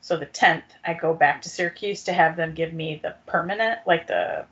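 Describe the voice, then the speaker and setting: A woman's voice: deep voice, moderate pace. A woman co-hosting a podcast in casual chat, rambling with many fillers. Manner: rambling, lots of fillers and restarts. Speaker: podcast co-host. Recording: dull lo-fi sound.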